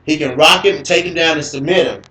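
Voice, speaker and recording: A man hosting a casual mixed martial arts talk show. He rambles, curses and repeats himself as he gets excited. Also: on the high side, a little fast. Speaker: host of MMA talk show. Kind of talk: casual live-stream commentary. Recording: echoey live-stream audio.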